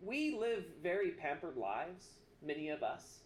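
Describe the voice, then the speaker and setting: A man preaching a sermon, earnest and halting, with many restarts. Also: on the high side, sing-song, reverberant, slight background noise. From United States. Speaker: pastor.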